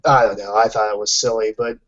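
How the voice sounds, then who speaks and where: A man's voice: lowish voice, little pitch movement, fast, dull audio. A man playing a tabletop game, talking in a laid-back, offhand way. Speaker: player. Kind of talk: casual tabletop game chat.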